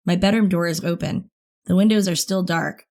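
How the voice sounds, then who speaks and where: Woman, audiobook narrator, first-person thriller, low pitch, expressive, intimate. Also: normal speed.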